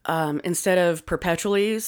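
A woman's voice: lowish voice, moderate pace, smooth. A woman in her forties co-hosting a podcast at a studio mic, telling loose, profane stories in casual chat. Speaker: podcast co-host. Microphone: studio microphone.

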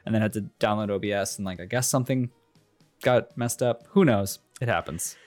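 A man's voice: fairly low pitch, a little fast, a little mellow, soft background music. A man co-hosting a casual podcast, talking in a laid-back, joking way. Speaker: podcast co-host.

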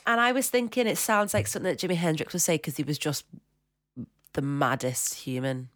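A woman's voice: sits low, a little fast, a bit bright. A woman on a casual podcast, giggling and musing aloud over quiz answers. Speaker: podcast co-host and quiz contestant. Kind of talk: casual chat.

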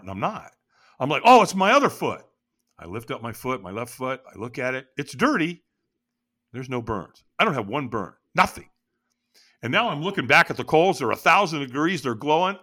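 A middle-aged man telling his story as an interview guest, acting out his own past lines with sudden leaps in pitch. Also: pushed and bright. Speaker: podcast guest.

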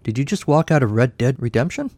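A man voicing a friendly, unfazed young woman bartender, talking brightly and chattily. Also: medium pitch, sing-song, quick pace, no echo.

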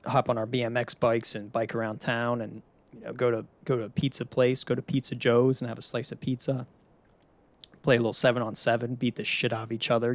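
Casual young man chatting solo. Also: medium pitch. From Pittsburgh area. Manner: loose, chatty, swears casually. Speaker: podcast host.

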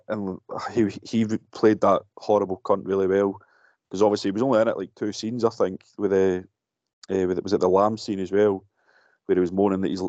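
A Scottish man with a lowish voice chats casually about films, swearing freely and circling his thoughts. The sound is muffled and dull. The room adds no echo. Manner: swears freely, rambling and animated. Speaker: podcast co-host. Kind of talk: casual film-review chat.

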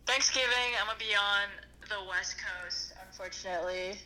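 Young woman caller patched in, upbeat and giggly, bright voice. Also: mid-range voice, moderate pace, low-quality recording. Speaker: student caller. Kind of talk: casual chat. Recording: patched-in line.

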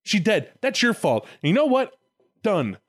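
A man's voice: high-pitched, sing-song, fast, breathy edge, no echo, studio quality, pitched above the performer's own voice, exaggerated voice. A man voicing God as a petty, furious ranting figure, profane and indignant.

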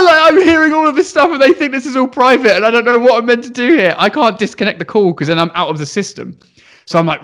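Young male teacher, slightly higher voice, lively casual storyteller who acts out voices. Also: fairly quick. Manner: animated, swearing, acts out voices. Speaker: primary school teacher.

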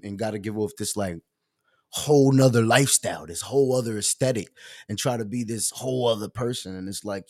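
A man talks straight to his audience in a loose, emphatic storytelling rant. His voice carries passion and conviction. His speech is full of slang and casual fillers. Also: mid-range voice. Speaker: show host.

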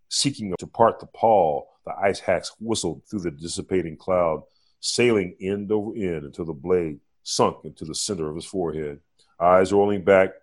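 Author reading his own chapter, deep voice, measured and vivid delivery. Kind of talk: dramatic fiction reading.

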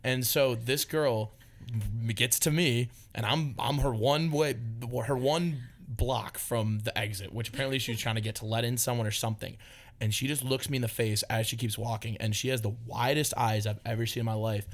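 A man's voice: mid-range voice, fairly even intonation, moderate pace. Rambling young man telling party stories. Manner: rambling storyteller, heavy filler words. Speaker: podcast host. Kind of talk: casual chat.

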